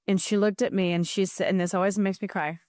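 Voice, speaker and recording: A woman's voice: mid-range voice, steady tone, fast, darkish tone, dry recording, studio quality. A middle-aged woman, a podcast guest, telling a heartfelt story with earnest emotion and frequent restarts.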